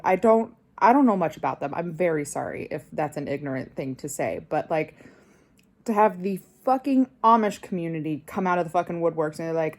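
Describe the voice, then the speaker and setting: Heated young woman ranting, lower voice. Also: normal speed, a little mellow. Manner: heated, swears constantly, rising outrage. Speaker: vlogger. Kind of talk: angry personal rant to camera.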